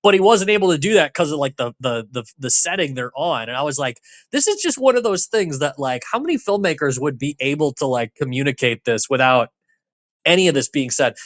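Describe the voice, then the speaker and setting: A man's voice: a little high, expressive, a little fast, fairly bright tone, no echo. A man co-hosting a podcast, chatting casually about a film, rambling with many fillers and restarts. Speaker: podcast co-host.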